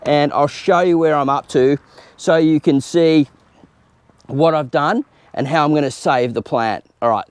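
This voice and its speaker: A man's voice: on the high side, a little slow, clear, resonant tone, no room sound. An Australian man chatting informally while working in his garden, explaining as he goes in a casual gardening tutorial. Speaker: home gardener host. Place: outdoor home garden.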